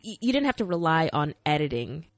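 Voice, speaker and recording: A woman's voice: deep voice, very animated, brisk, no room sound, studio quality. A woman co-hosting a podcast whose first language is not English, talking in playful casual chat, sometimes searching for words and reaching for dramatic turns of phrase. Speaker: podcast co-host.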